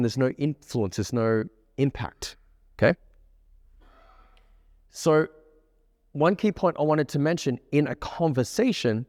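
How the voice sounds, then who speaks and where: A man coaching a live group of students, keeping the session energetic and often checking that the room follows him. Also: medium pitch, no echo, clean studio sound, big-room sound. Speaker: dating coach. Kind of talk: live workshop teaching to a group. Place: room with a live audience, on stage.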